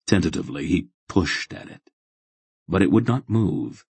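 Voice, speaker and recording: A man reading a fantasy novel aloud in steady, measured narration. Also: sits low, creaky, husky, dry recording. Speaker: audiobook narrator. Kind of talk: scripted narration.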